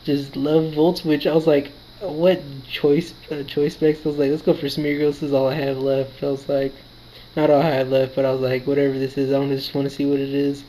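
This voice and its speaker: A man's voice: medium pitch, flat delivery, brisk, mellow, slight background noise, rough recording. A tired, yawning man giving casual play-by-play commentary on his own game battle, quoting his own thoughts as he goes. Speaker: gaming commentator.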